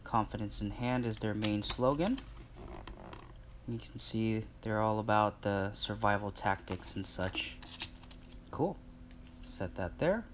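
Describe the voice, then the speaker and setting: A man's voice: on the low side, slow pace, long pauses, slight background noise. A man in a casual vlog, chatting to his viewers with lots of fillers while he unboxes something at home. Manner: chatty, filler-heavy, addresses viewers directly. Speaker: vlogger.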